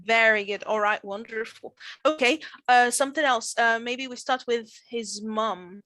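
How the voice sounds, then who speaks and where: A woman's voice: a little high, moderate pace, sharp tone. A woman teaching a grammar class over a video call, encouraging and full of "all right"s. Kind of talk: online class, leading a grammar demo.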